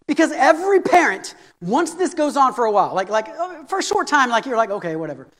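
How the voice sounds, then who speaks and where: A middle-aged man preaching a sermon, animated and conversational with touches of humor. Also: very high-pitched, brisk. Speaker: pastor. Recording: long hall reverb.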